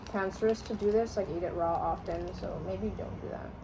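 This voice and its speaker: A woman co-hosting a casual chat, playful and teasing, with quick reactions. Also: mid-range voice. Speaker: co-host. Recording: steady background noise.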